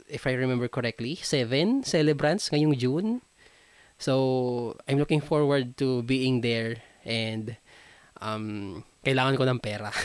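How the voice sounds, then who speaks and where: A man's voice: mid-range voice, clean tone, dry recording. A man with a Filipino accent chats alone on his podcast, loose and rambling, trailing off into fillers. His voice sits in an ordinary middle range. The recording is dry and close, with no room sound. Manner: relaxed, switching between English and Tagalog, many fillers and laughs. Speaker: podcast host. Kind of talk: casual solo podcast chat.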